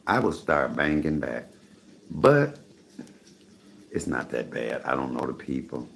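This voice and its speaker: A man in his fifties chatting casually to the camera from his home while cooking, animated and repeating catchphrases. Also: a bass voice, moderate pace, creaky, a little hiss or hum. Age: 50s. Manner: animated, repeats "come on, somebody". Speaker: vlogger. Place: home apartment, indoors, cooking. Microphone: camera mic.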